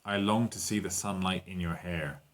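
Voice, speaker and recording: A man's voice: low voice, steady tone, normal speed, fairly bright tone. A man teaching an online English lesson, walking learners through exercises and translating lines into Spanish.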